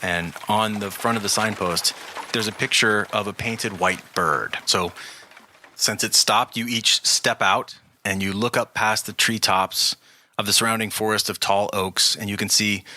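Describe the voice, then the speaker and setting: A man narrating a tabletop role-playing game as game master, setting scenes in a measured, descriptive way. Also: on the low side, steady tone, bright, forceful tone, no echo.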